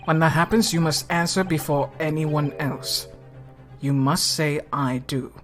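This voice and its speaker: A calm, solemn older gentleman speaks in a put-on British accent, as a woman reads his game lines aloud. The voice is low and soft, and slow and deliberate in its measured delivery. Faint game music plays underneath. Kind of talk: reading game dialogue aloud.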